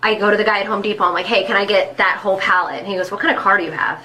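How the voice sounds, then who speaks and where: A woman telling an animated anecdote in an interview, acting out what people said. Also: medium pitch, racing, rough recording. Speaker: club co-owner's sister. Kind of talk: storytelling in an interview.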